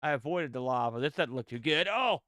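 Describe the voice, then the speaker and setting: A man streaming retro games live, reacting loudly with yelps, groans and frequent laughter as he plays. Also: mid-range voice, quick pace, no room sound, clean studio sound. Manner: excitable, yelps and groans at the game, laughs often. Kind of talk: excitable live gameplay commentary.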